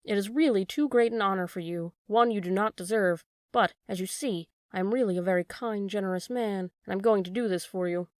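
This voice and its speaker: A hearty, boastful farmer, as a woman reads him in a storybook. The sound is dry and close, the voice in an ordinary mid pitch. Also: a little fast, few pauses, a little mellow, dry recording, lightly acted. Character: hearty self-satisfied farmer man. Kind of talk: storybook reading.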